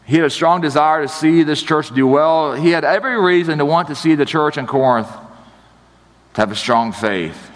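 A man's voice: fairly high pitch, normal speed, big-room sound. A man pastor in his thirties giving a sermon in a chatty, storytelling way, acting out the people in his stories. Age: 30s. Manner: conversational storytelling, animated.

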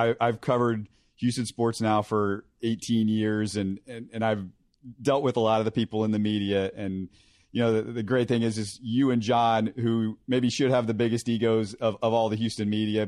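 A man hosts a casual interview in an eager, affirming way. His voice sits on the low side. The sound is close and dry, with no room echo. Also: little pitch movement, brisk, a little mellow. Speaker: podcast host.

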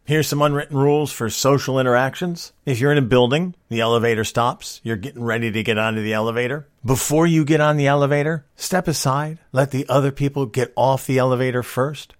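A man's voice: mid-range voice, brisk, few pauses, no echo, clean studio sound. A man hosting an advice monologue, talking in an emphatic, lecturing way with many rhetorical questions. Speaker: host.

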